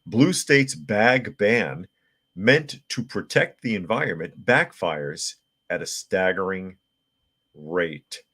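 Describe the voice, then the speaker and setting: Low-voiced opinionated male podcast host. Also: lively intonation, slow pace, bright, forceful tone, breathy edge. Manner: opinionated, reads viewer comments and articles aloud; frequent restarts and filler words. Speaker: podcast host reading chat and news. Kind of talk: casual live-stream commentary.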